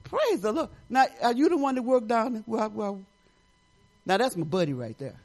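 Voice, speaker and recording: An older woman pastor from Detroit giving a folksy, animated sermon, talking straight to the congregation with laughing asides. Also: a little high, moderate pace. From Detroit, Michigan.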